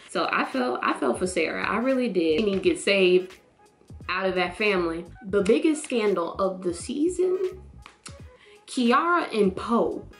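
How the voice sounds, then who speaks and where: A woman chatting casually in a vlog, reacting to a TV show with animated, slangy talk. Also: medium pitch, normal speed, soft background music. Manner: animated, expressive, jumps into voices of characters.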